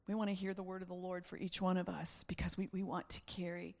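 A woman's voice: on the low side, little pitch movement, fast talker, creaky, darkish tone. A woman preacher giving a conversational sermon, acting out voices with laughing asides.

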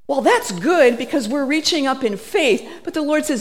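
A middle-aged woman preaching a sermon, telling stories in an animated way and laughing between phrases. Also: high-pitched, normal speed.

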